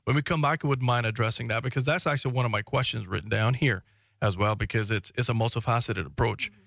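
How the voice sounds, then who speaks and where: A man's voice: mid-range voice, quick pace, gravelly, a bit bright, dry recording. A man hosting a talk radio show, easygoing and joking as he moves into a live ad read.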